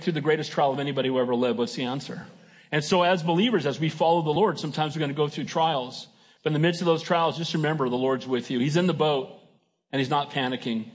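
A middle-aged man preaching a sermon in a conversational way, often checking in with his congregation. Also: a little high. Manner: conversational preaching with frequent "Amen?" call-outs. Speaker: pastor.

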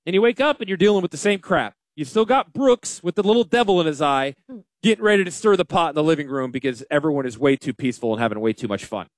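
A man hosting a casual radio talk show as a financial advisor, animated and self-deprecating. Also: a little high, fast, dry recording.

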